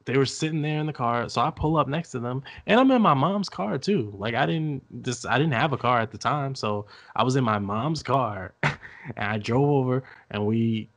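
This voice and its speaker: A man's voice: medium pitch, expressive, normal speed. A man telling a story as a podcast guest, chatting casually, laughing often and acting out what others said.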